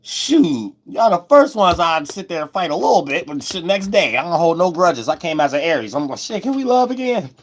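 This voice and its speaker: A man giving a loose, rambling spiritual astrology monologue, repeating himself and breaking into sudden loud, high shouts. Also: lively intonation, moderate pace, few pauses. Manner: loose, preachy, repeats "you know what I'm saying", bursts into loud high shouts.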